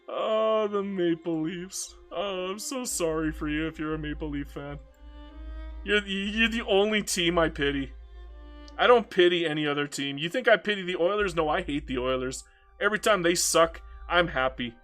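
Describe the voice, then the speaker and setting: Over faint music, a man with a fairly high, fairly bright voice speaks at normal speed while streaming a strategy game. He chats casually and rants, laughing often and stammering through restarts.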